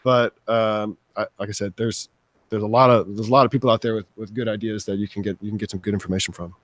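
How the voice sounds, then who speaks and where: A man with a somewhat low voice speaks in a measured, low-key way, adding points from his clinical work. The recording is dry and close, with no room sound. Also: fairly even intonation, a bit bright, no echo. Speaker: physical therapist, podcast co-host. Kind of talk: casual panel discussion.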